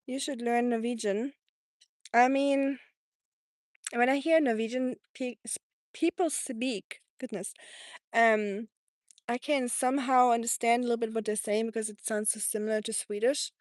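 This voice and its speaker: A woman's voice: on the high side, fairly even intonation, moderate pace, dry recording, studio quality. A woman with a German accent, hosting a casual live stream and chatting with viewers as she answers their comments, laughing often. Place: home in Tennessee.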